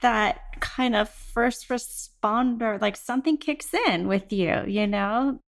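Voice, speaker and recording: A woman's voice: a little high, slow, creaky, a crowd in the background. A woman hosting a casual interview, reacting with short affirmations and follow-up questions. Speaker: interview host.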